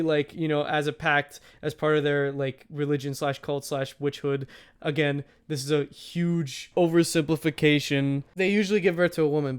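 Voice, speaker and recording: A man's voice: on the high side, clean tone. A man co-hosting a film review podcast, chatting casually, laughing often and wandering into asides. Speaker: podcast co-host.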